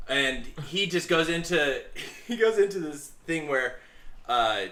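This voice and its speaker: Podcast co-host, male, hesitant storyteller with a bright voice in a roomy space. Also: on the high side, a little slow. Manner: animated, hesitant, many fillers. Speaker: podcast co-host back from travel. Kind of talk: casual storytelling chat. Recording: echoey room.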